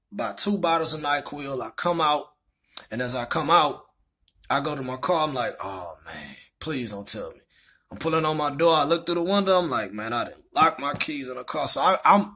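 Husky-voiced young man telling a story. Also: on the high side, pushed and bright. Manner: candid and rambling, frequent fillers. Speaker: vlogger. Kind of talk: personal storytelling.

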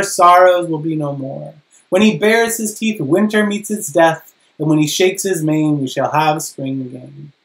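A preacher voicing a male beaver from a children's storybook, reading his lines loudly and emphatically. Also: mid-range voice, roomy sound, distant mic, voice pushed up, close to an everyday voice, rough recording. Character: excited male beaver, gruff and devoted.

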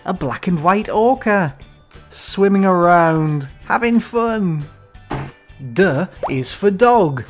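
A woman teaching animal names to young children in a slow, sing-song way, inviting them to repeat each word. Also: mid-range voice. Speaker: children's educational host.

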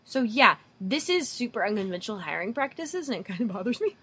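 A woman's voice: fairly high pitch, sing-song, brisk, pushed and bright, husky. A woman co-hosting a podcast, wryly picking apart a TV episode in casual chat, swearing now and then. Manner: wry, critical, swears casually. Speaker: podcast co-host.

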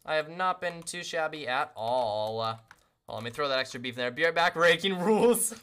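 This streamer's medium-pitched, fairly bright voice is expressive and moves at normal speed. While gaming, they keep up a casual, self-mocking conversation with chat, greeting people over and over.

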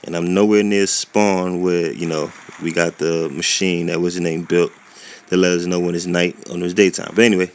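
A man's voice: low-pitched, flat delivery, normal speed. A man giving rambling, chatty gameplay commentary who often loses his train of thought, recorded indoors at home. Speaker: gaming YouTuber. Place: warm indoor room at home.

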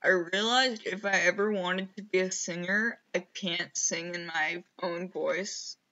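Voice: medium pitch, fairly even intonation, a little slow, bright, forceful tone, lo-fi sound. A streamer rambling casually over gameplay, mumbling to themself and poking fun at themself, on a headset mic. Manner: self-mocking.

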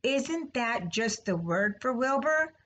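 A woman voicing a cheerful middle-aged male farmer with a hearty, brisk manner in a storybook read-aloud. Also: a little high, lively intonation, a bit bright, a little hiss or hum.

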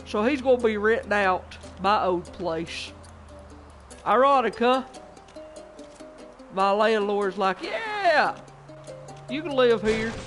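A young man, rambling profanely and excitably while telling a story over a gameplay stream. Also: high-pitched. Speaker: gaming streamer. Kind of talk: casual rambling gameplay chat.

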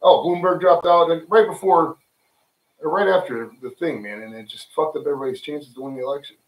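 A man's voice: on the high side, steady tone, quick pace. A man hosting a casual home livestream, talking loosely and joking with plenty of swearing. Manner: loose, profane, joking, off-the-cuff. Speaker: livestream show host. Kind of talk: casual rambling chat. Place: home room with friends. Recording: roomy, mic at a distance.

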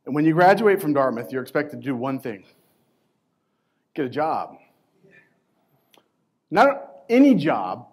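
A man in his forties giving a storytelling motivational talk to coaches, conversational and emphatic, with short pauses, speaking into a lapel mic. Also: medium pitch. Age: 40s. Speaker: keynote speaker at a coaching event. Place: conference stage before a live audience.

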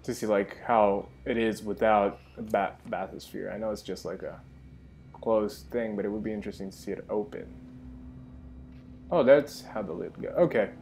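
A man's voice: on the low side, moderate pace, vocal fry, darkish tone, slight background noise. A young man giving enthusiastic, rambling commentary while playing a game. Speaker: gaming channel host. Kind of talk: let's play commentary.

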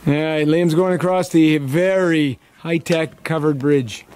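Outdoors by a small lake and marsh, a dad hosting a family vlog chats casually to the camera, cracking jokes as he goes. His voice is fairly high-pitched with a darkish tone, his pace is measured, and there's slight background noise.

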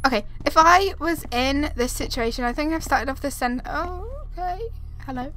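A woman's voice: high voice, normal speed, a bit bright. A young woman giving frightened, rambling live commentary on a horror game, often repeating herself and talking to her viewers. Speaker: gaming video creator. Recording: noisy background.

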